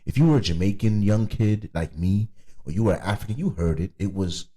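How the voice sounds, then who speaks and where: Deep-voiced New man, tipsy chat. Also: brisk, mellow, slightly rough. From United States. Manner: rambling, repeats words, slips into Jamaican patois. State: drunk. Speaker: podcast host. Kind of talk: casual chat.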